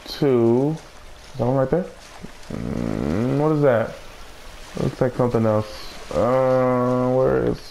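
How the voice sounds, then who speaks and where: A man playing a video game, talking to himself, swearing often and reacting loudly to the action. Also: mid-range voice, vocal fry. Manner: excitable, swears a lot, talks to himself. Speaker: let's play gamer. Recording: noisy recording.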